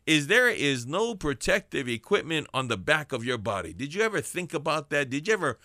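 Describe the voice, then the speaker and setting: A man's voice: fairly high pitch, big pitch swings, brisk, bright, forceful tone, dry recording, clean studio sound. Fervent preacher man on radio. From Hawaii. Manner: fervent, preacherly, rhetorical repetition. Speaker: radio preacher and prison minister. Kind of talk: radio sermon and shout-outs.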